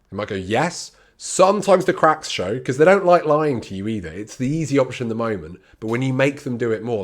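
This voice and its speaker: Extroverted guy giving a casual training talk on patients, chatty and candid, slips into quoted patient voices. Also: medium pitch. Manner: conversational, acts out patient replies in quoted voices; candid and personal, extroverted and talkative. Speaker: clinical communication trainer. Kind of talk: informal teaching talk to camera.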